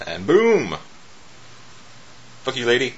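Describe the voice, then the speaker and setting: A man's voice: medium pitch, huge pitch swings, takes it slowly, lo-fi sound. A man casually riffing on a movie, jokey and profane, often laughing. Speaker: movie commentator.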